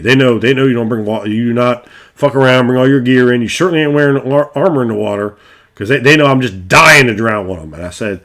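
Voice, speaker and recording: This middle-aged video host and game master has a medium-pitched, fairly bright voice. He talks casually and rambles, cursing freely and often starting his sentences over.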